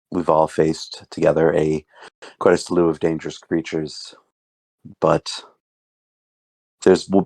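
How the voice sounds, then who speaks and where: A man voicing Blade, an earnest adventurer in a tabletop game, halting and restarting as he asks the party a question. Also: very deep voice, gravelly, darkish tone, exaggerated voice. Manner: halting, restarting mid-sentence.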